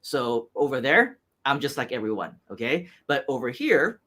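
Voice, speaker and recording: A man's voice: mid-range voice, very animated, moderate pace, pushed and bright. A man with an American accent hosting an interview, talking through motivational points and tagging many lines with "right?". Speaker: host.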